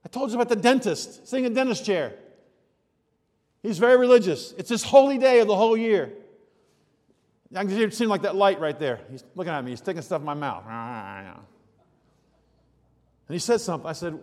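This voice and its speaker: A man preaching a sermon, telling stories and moving from hushed asides to loud, emphatic outbursts. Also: high-pitched, very animated, brisk, long reverb tail. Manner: storytelling, swings from soft asides to loud exclamations. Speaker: pastor.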